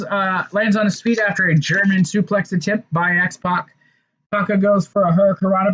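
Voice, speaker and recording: A fairly high-voiced man talking through an old wrestling episode in a loose, rambling way, often restarting his sentences and dropping in fillers. The recording sounds dull and lo-fi, like a home setup. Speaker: wrestling show reviewer. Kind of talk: casual recap and commentary.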